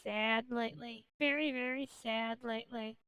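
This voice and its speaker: High, gravelly-voiced woman streamer rambling manically. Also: fairly even intonation, normal speed, fairly bright tone, dry recording, dull audio. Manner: manic, rambling and jokey, swearing. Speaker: VTuber streamer. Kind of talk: casual gaming stream chat.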